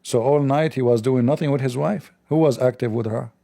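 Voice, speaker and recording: Male livestream host, gravelly and dark, sarcastic and mocking, non-native English delivery. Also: mid-range voice, a little fast. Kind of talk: livestreamed commentary.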